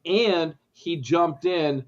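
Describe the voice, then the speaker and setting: A man's voice: on the high side, extremely slow. Man, hesitant, searching for words, dull lo-fi sound. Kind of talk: casual group chat on a live stream.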